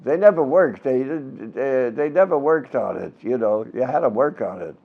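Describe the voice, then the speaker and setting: A man's voice: mid-range voice, lively intonation, normal speed, vocal fry. A man in his nineties from Brooklyn, telling showbiz anecdotes with punchlines in a casual interview. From Brooklyn, New York. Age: 90s. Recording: dull lo-fi recording.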